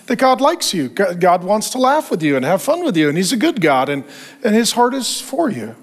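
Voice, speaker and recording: Man, pastor, sermon, high voice, animated storytelling, quotes people in voices. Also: moderate pace.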